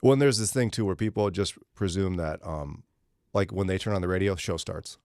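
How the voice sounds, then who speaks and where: A man's voice: sits low, brisk, background noise. A man hosting a morning radio show, chatting casually and acting out angry listeners in raised, mocking voices. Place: radio studio. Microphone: studio microphone.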